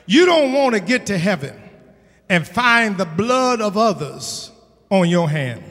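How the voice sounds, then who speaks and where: A male pastor preaching in a high, bright voice that rings with the long reverb of a church hall. He takes his time, repeating key lines for weight and building up to shouted peaks. The delivery is emphatic and sermon-paced. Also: lively intonation, a little slow. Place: church sanctuary.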